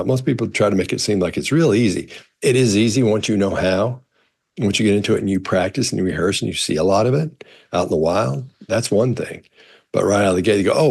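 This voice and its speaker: A man's voice: low voice, vocal fry, darkish tone, breathy edge. A man, a body language expert, casually answering viewer questions in a rambling way, often restarting his phrases. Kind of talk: casual explanatory talk.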